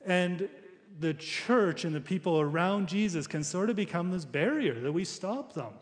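A man's voice: sits high, lively intonation, moderate pace, long reverb tail. A man preaching a sermon as a pastor, talking through the passage in a conversational way with frequent restarts.

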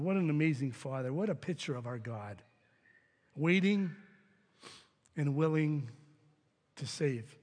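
Man, pastor, earnest sermon, slightly high voice, long church reverb. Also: lively intonation, a little slow, pauses often, a little mellow. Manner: earnest, stumbles and repeats words. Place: church sanctuary. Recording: reverberant hall sound.

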